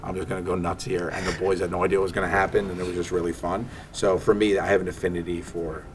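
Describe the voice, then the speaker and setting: Chatting casually as an interview guest, a Staten Island comedian tells stories with animation, acting out the quotes. He's a fast talker with a low voice, heard over a noisy background.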